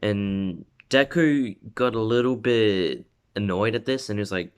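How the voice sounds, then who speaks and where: A man with a somewhat low voice casually spins out a fan-made story. He rambles, circles back and corrects himself mid-sentence, stringing events together loosely. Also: measured pace, clear, resonant tone. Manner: rambling, many fillers and self-corrections. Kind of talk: casual fan-fiction retelling.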